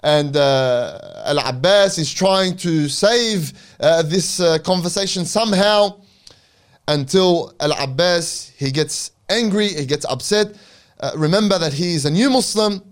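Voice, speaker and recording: A male preacher carries his audience through a dramatic religious story in a storytelling lecture. His voice sits slightly high for a man, and he pauses for reverent asides. The narration moves with dramatic emphasis.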